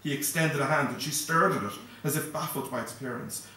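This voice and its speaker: A male author reading his novel aloud at a live event in a steady, measured first-person narration. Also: a little high, slight background noise. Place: event hall. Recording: echoey hall, distant mic.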